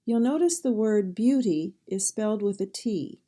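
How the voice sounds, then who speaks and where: A woman with a Midwestern American accent teaching pronunciation, sounding out each phoneme and word carefully in a slow drill. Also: medium pitch, animated, dark tone. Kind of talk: slow instructional speech drill.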